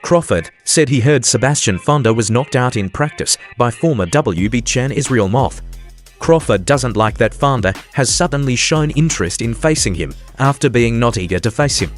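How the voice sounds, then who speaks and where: A man's voice: medium pitch, lively intonation, moderate pace. Man narrating sports news. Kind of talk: scripted narration. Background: faint background music.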